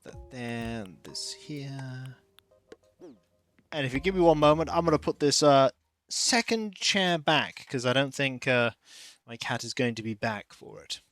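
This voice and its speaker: A streamer casually commenting on gameplay, playful, with quiet asides. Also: medium pitch, normal speed, no echo. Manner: playful, animated, drops to soft asides.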